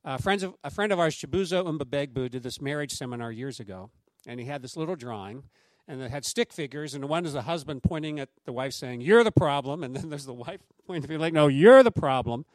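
A man's voice: mid-range voice, fast, dry recording. A middle-aged man preaching a sermon as pastor, conversational and anecdotal, speaking to the congregation and acting out quoted voices. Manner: acts out quoted voices in lively raised tones.

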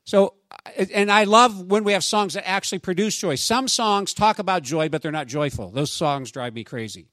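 Animated pastor preaching, fairly high voice. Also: male voice, normal speed, no echo. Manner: conversational, animated preaching with asides to the congregation. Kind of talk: sermon.

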